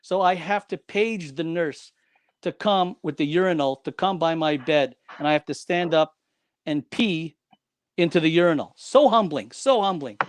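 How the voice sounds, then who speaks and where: This guest is a man whose fairly high, resonant voice carries a personal story with dramatic emphasis, key lines repeated for effect. His delivery is expressive at a normal speed. The recording is clear, close and dry, with no room sound.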